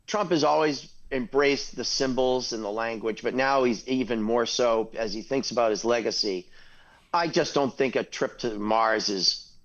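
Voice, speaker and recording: A man's voice: mid-range voice, fairly bright tone, dull audio. An older man hosting a talk radio show, blunt and opinionated, chuckling at his own jokes.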